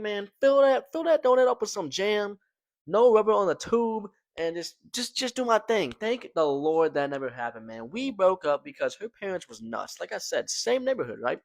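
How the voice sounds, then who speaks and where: Young male storytelling vlogger, animated slangy delivery, dry close sound. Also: sits high, normal speed, no room sound. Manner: slangy, animated, fillers like "man" and "right?". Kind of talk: casual storytelling to camera.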